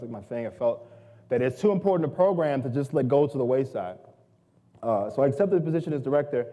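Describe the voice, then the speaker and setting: Upbeat man telling stories in a reverberant hall. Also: on the high side. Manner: lively, self-mocking, acts out quoted people. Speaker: guest speaker. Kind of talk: humorous storytelling talk.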